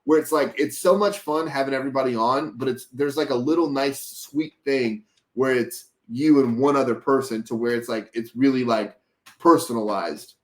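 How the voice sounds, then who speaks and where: A man's voice: medium pitch, normal speed. A man from Texas hosting a casual sports podcast, talking loosely with lots of swearing and rambling asides. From Dallas, Texas. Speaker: podcast host.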